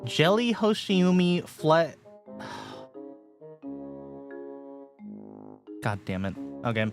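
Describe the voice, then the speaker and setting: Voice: mid-range voice, sing-song, extremely slow, over music. A livestream host casually reading chat messages aloud, often swearing and laughing in disbelief.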